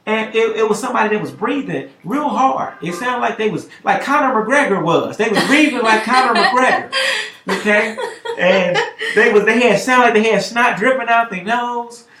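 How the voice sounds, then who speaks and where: A man telling a story on a talk show, lively, getting loud and high at dramatic moments. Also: normal speed, echoey room. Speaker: podcast host telling a story. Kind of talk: animated storytelling.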